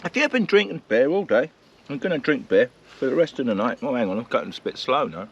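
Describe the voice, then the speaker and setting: Chatting to camera at an outdoor countryside campsite, the vlogger jokes about himself and laughs frequently. He talks fast in a sing-song, mid-range voice with a breathy edge, and the recording's highs are cut off.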